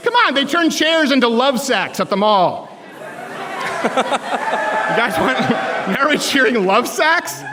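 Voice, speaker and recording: A man from Canada giving a comedic political talk to college students, animated and joking, with bursts of shouting, in a large hall with long reverb. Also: very high voice, slow pace, pauses often, crowd noise, background noise. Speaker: speaker addressing college students.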